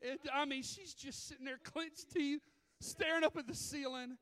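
Animated preacher, high voice. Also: male voice, normal speed. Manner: animated, acts out voices in stories. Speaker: pastor. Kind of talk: sermon with storytelling. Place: church sanctuary.

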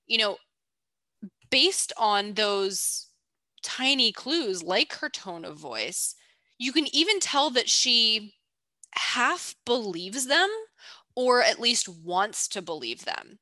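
A woman with a bright, forceful voice talks through a character analysis in casual podcast chat, playful and a little teasing. The sound is dry and close, with no room around it. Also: fairly high pitch, big pitch swings, slow pace, no echo. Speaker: podcast co-host.

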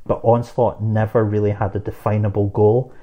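A man's voice: lowish voice, flat delivery, narrow, tinny audio. A man co-hosting a casual chat, joking and laughing as he reads out listener emails. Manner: laughing, joking, quick asides. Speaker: podcast co-host.

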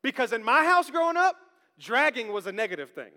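High, bright-voiced preacher in a big hall. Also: male voice, brisk. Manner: lively, humorous, calls out to the congregation. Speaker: pastor. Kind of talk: sermon. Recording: long reverb of a large hall.

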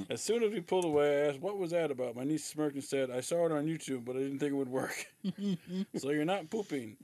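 A man's voice: a little high, brisk. A man co-hosting a podcast, telling jokey stories in casual chat. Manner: jokey storyteller, lively delivery. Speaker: podcast co-host.

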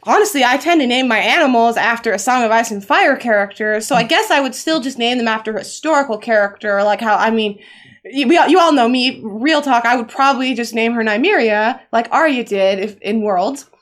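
A woman's voice: a little high, brisk, fairly bright tone. A woman hosting a casual livestream chat, reading viewer questions aloud and laughing along. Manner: chatty, laughs while reading tongue-twisters.

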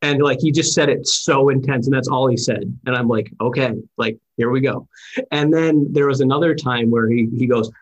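A man hosting an interview, telling anecdotes in a chatty, animated way. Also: medium pitch, brisk, few pauses, highs cut off. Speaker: podcast host and former sports reporter. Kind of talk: casual interview chat with storytelling.

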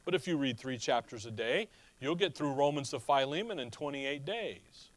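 A man's voice: medium pitch, expressive, moderate pace. A middle-aged man preaching a conversational expository sermon and asking his listeners rhetorical questions. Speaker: pastor.

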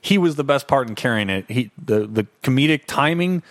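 A man co-hosting a relaxed film podcast, talking through his opinions in a measured way with fillers along the way. His voice sits in an ordinary middle range. The recording is dry and close-miked. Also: mid-range voice, dry recording. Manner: measured, thinks aloud with fillers. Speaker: podcast co-host. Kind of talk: casual movie-review chat.

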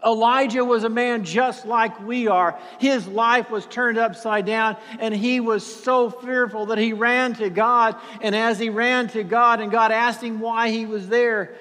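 A man preaching a sermon in an earnest, halting way, often repeating words and sinking to a near whisper for emphasis. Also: high voice, fairly bright tone, in a large hall.

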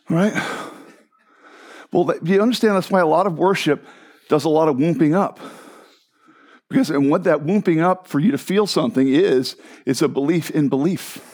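A male pastor preaching a sermon in an animated, joking way, sometimes mimicking other voices. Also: on the high side, moderate pace, long pauses.

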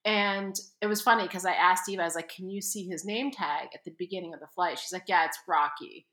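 A woman tells a story on a podcast, casual and animated, acting out each person she quotes. Her voice is bright and forward, and the room around her sounds echoey. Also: on the low side, a little fast. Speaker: podcast co-host.

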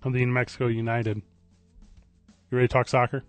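A man's voice: medium pitch, little pitch movement, dry recording, soft background music. A man hosting a morning sports radio show, bantering and teasing his co-host. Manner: playful, jokey, quick to tease. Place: radio studio. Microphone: studio microphone.

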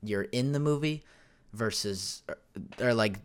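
A man's voice: medium pitch, unhurried, smooth. A young man hosting his own podcast at home, talking casually into a desk microphone, rambling with many fillers and self-corrections. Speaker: podcast host. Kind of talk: casual solo podcast chat. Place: home room.

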